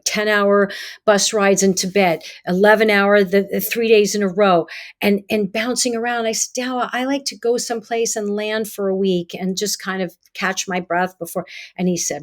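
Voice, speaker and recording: Middle-aged woman, interview guest and therapist; lively storyteller who acts out dialogue, mid-pitched. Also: moderate pace. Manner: animated, acts out quoted dialogue. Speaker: guest psychotherapist.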